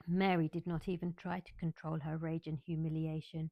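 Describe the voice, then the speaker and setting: A woman reading a classic children's novel aloud as a bedtime story, in a calm, measured way. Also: low-pitched, gravelly, no echo.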